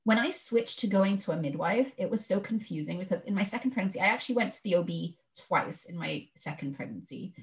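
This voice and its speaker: Woman guest, mid-pitched, chatty and animated as she tells a personal story. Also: brisk, hardly any pauses. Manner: animated, acts out the people she quotes. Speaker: podcast guest. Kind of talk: casual conversational storytelling.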